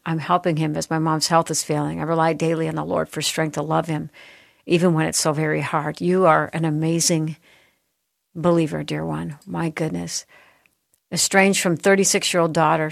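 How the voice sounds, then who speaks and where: A woman hosting a Christian talk show, reading listener texts aloud and answering them gently and tenderly. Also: low voice, creaky, no echo, studio quality. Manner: gentle, tender, softening at heartfelt moments. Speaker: host.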